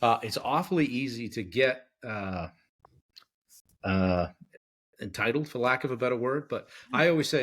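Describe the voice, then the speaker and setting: A middle-aged man hosts a podcast in casual conversation, his voice a little husky. He talks easily, with many pauses and filler words, and keeps checking in with his guests. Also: mid-range voice, lively intonation, fairly bright tone. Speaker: podcast host. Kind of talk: casual interview chat.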